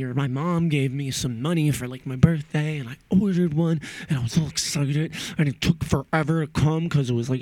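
A young man rambling about guitar pedals in a casual vlog, profane and animated. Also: on the high side, dry recording.

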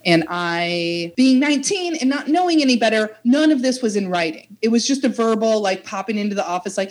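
A young woman in the middle of a story on a casual chat show. She talks in a lively, animated way, acts out everyone's lines and swears freely, with a voice of middling pitch. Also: fairly quick. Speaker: podcast host telling a story.

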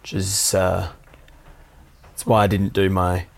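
A man's voice: deep voice, monotone, slow, creaky. A man, a pub musician telling dry, swear-laced anecdotes in casual chat. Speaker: pub musician, podcast co-host.

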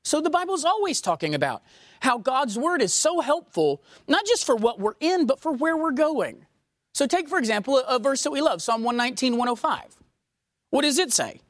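A woman preaching a sermon, emphatic and swinging from raised to hushed, asking the congregation questions. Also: high-pitched, big pitch swings, moderate pace, no room sound, studio quality.

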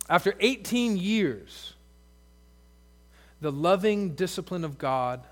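A male pastor preaching a sermon in a conversational way, full of asides and rhetorical questions. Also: fairly high pitch.

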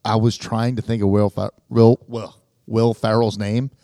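A man's voice: fairly low pitch, little pitch movement, normal speed, warm tone, no room sound, studio quality. A man co-hosting a podcast in casual chat, easygoing, trailing off and laughing at himself. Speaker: podcast co-host.

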